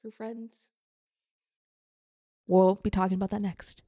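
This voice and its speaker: A woman's voice: medium pitch, little pitch movement, slow pace, mellow. A young adult woman co-hosting a podcast in casual, playful banter. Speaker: podcast co-host. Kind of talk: casual chat.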